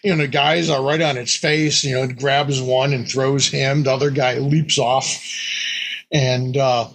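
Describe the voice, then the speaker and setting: Animated storyteller man, husky voice. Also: mid-range voice. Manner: animated, acts out players and monsters in quick asides. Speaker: game designer telling a story. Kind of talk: casual storytelling.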